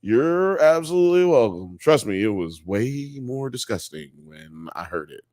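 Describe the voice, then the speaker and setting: Slow-talking, animated male podcast host. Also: medium pitch, no room sound. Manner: animated, slangy and joking. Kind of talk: casual live-stream chat.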